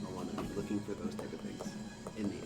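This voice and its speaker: A man with a somewhat low voice plays a tabletop game, trading jokes in an easy, playful way. Music runs clearly underneath his talk. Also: steady tone, very fast. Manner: joking, playful. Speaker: player. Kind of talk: casual tabletop chat.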